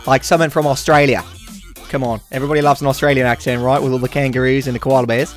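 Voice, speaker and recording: A man's voice: mid-range voice, fairly even intonation, fast, soft background music. A man hosting a casual, joking video chat, often teasing and slipping into voices. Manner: joking, playful, jumps into impressions. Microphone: webcam video call.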